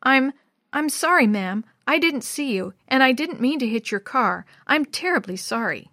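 A woman's voice: on the high side, animated, normal speed, fairly bright tone, no room sound, clean studio sound. Woman doing a sullen discouraged boy. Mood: pleading. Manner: grumbling, dejected.

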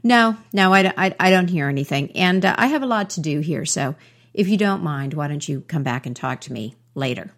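A woman's voice: deep voice, lively intonation, a little fast. A woman voicing a busy male mouse who hurriedly brushes off a question in a storybook tale. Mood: dismissive.

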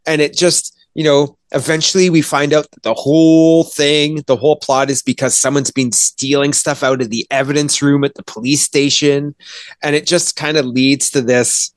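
A man's voice: a little high, little pitch movement, moderate pace, no room sound. A man hosting a podcast and reviewing a film in casual chat, rambling with lots of fillers and swearing. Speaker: podcast host reviewing films.

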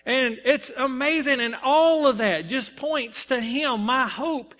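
Bright-voiced young male preacher, reverberant hall. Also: extremely high pitch, slow. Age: young adult. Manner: earnest, personal storytelling with bursts of emphasis. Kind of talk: sermon. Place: church sanctuary.

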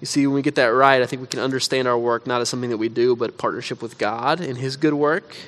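A man, a pastor, preaching a sermon in a casual storytelling way, often saying "like," then dropping to quiet, earnest emphasis. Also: medium pitch, steady tone, fast. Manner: conversational storytelling with frequent "like".

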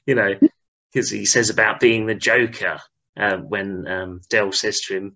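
A man talks casually as co-host, tossing in tag questions as he goes. His voice sits a little low, with a bright, forward edge and a slightly husky grain. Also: steady tone, measured pace, rough recording. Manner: chatty, tag questions, laughs easily. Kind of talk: casual chat about a sitcom.

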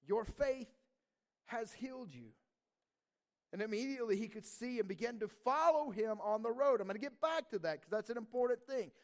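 A man preaching a sermon as pastor, animated and casual, slipping into slang and acting out voices. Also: very high voice, normal speed.

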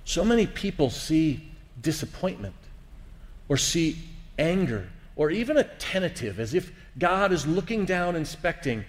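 A man's voice: fairly high pitch, big pitch swings, a little slow. Reflective male teacher with long reverb. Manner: warm, reflective, asks the listener questions. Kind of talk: teaching talk on faith.

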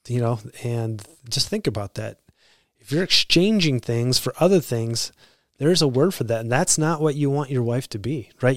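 A man in his thirties talks alone on his podcast, earnest and reflective, his thoughts tumbling out with frequent restarts. His voice sits at an ordinary middle pitch. The sound is dry and close, with no room around it. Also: dry recording. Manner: earnest, conversational, self-correcting. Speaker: podcast host.

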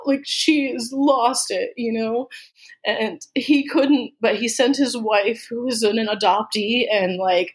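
Woman guest from Austin; candid, halting storyteller with lots of fillers, close to tears at times. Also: medium pitch. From Austin, Texas. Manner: candid, halting, many "like" and "you know" fillers. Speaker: guest sharing a personal story. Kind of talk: emotional personal storytelling.

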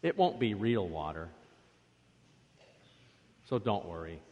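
A priest giving a children's sermon in a church, coaxing the children along with lively questions. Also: male voice, deep voice, slow, lo-fi sound. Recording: long reverb of a church.

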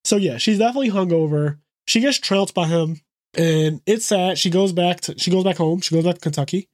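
A man's voice: high voice, a little fast, no echo, clean studio sound. Man recapping a show, loose and profane. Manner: loose and profane, acts out characters' lines in quotes. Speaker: podcast co-host. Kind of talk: casual podcast recap.

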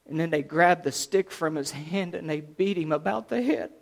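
A man preaching a sermon, retelling a scripture story dramatically, swinging from loud declarations to hushed lines. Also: fairly high pitch, moderate pace, gravelly.

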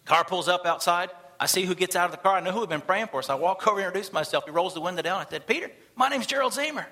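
At a church service, a missionary pastor preaches to the congregation, telling a story quickly and with great energy. His high voice is bright and forceful, and he animatedly acts out the voices of the people in his story.

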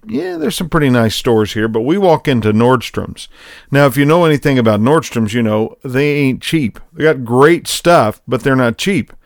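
A man's voice: medium pitch, no room sound, clean studio sound. A middle-aged man hosting a program, telling a personal story in a folksy, conversational way that leads into a spiritual lesson. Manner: folksy, conversational, self-deprecating. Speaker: program host.

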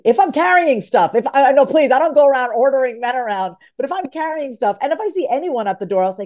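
Emphatic woman with a mellow voice. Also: mid-range voice, quick pace. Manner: animated, emphatic, repeats phrases for emphasis. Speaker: guest author. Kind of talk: podcast conversation.

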